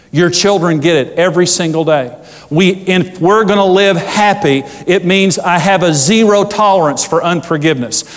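A male pastor with a high voice preaches with fervor, climbing to loud peaks and dropping to hushed asides. His words ring out with a long reverb, as in a large church hall. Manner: fervent preaching with big swings from loud highs to low hushed asides. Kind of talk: sermon.

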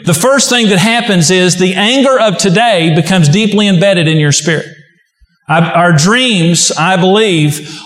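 A man's voice: high voice, fairly bright tone. A man preaching a sermon as a pastor, telling folksy stories with humor. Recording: echoey hall.

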